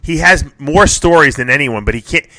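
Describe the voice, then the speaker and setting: Bright punchy guy hosting a radio show, laughing thru stories, dry studio mic. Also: a little high, fairly quick, no echo. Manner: laughing, animated storytelling. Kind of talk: casual chat.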